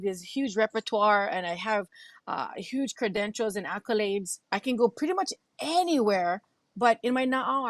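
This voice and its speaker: A woman's voice: mid-range voice, no room sound. Woman, Hawaiian accent, effusive storyteller, livestream guest, dry close sound. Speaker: guest, radio host and emcee. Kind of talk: livestream interview.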